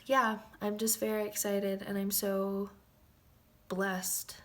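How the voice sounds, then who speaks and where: A woman's voice: mid-range voice, little pitch movement, takes it slowly, a bit bright. A young woman in her twenties talking to camera in a personal vlog, chatty and affectionate, laughing often and getting a little emotional. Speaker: vlogger.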